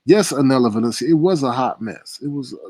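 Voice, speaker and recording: A man hosting a casual commentary stream, chatty and laughing, with drawn-out exclamations. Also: medium pitch, animated, a little mellow, dry recording. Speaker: host.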